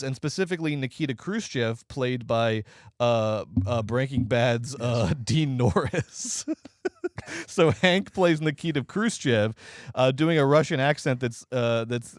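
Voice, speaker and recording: Sarcastic, animated male movie reviewer. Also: mid-range voice, dry recording, studio quality. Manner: sarcastic, animated, rapid riffing. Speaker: podcast co-host, movie reviewer. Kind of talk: casual movie review chat.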